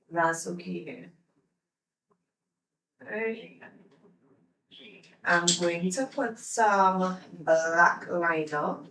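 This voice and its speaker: Lady doing a makeup tutorial, slow and step by step, echoey room, mic a bit far off. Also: on the low side, fairly bright tone. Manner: slow step-by-step instructions to viewers. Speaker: beauty vlogger. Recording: roomy, away from the mic.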